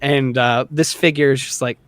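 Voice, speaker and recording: Casting: man in mid pitch, laid-back game master narrating a tabletop session, chatty and loose. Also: fairly even intonation, normal speed, slight background noise. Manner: casual and rambling, many fillers.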